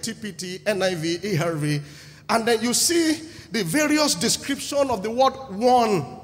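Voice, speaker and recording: Animated high-voiced preacher. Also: male voice. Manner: animated, acts out the crowd and asks the congregation questions. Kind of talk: sermon. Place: church hall. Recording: echoey hall with long reverb.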